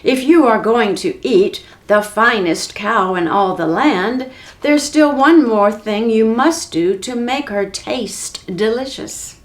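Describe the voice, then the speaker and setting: A woman's voice: a little high, slow. A woman voicing a brave, clever young butter maid in a storybook, firm and persuasive.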